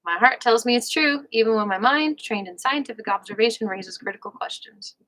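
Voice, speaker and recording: New york woman reading a book out loud on her stream, kinda high voice, bright and tense, slow and leaning on words. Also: rough recording. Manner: unhurried, leaning on words, breaks off for playful asides. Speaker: livestream host reading a book aloud. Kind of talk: reading nonfiction aloud on a livestream.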